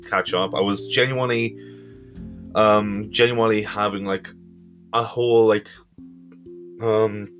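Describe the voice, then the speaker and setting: A man's voice: fairly low pitch, fairly bright tone. A teenage boy with an Irish accent telling a long story in a casual, rambling way, with lots of fillers and swearing. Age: teens.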